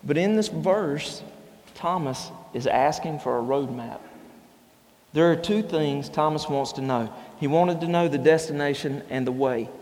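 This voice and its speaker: A man's voice: a little high, a little slow, darkish tone. Man preaching in a reverberant hall. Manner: conversational storytelling with personal anecdotes. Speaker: pastor. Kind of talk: sermon. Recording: long reverb in a large hall.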